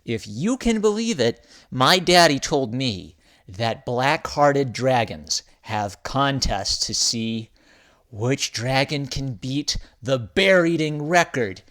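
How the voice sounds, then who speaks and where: A man's voice: lively intonation, slow. A man voicing a small, polite girl bear cub who speaks up in class in a storybook reading. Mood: eager. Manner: high, bright, eager child voice.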